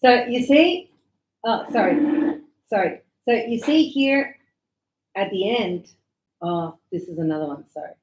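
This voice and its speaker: A woman's voice: medium pitch, animated, a little slow, pauses often, darkish tone. Chatty Australian woman teaching English. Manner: chatty, explains with acted examples and laughs. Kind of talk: online language lesson. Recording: echoey room.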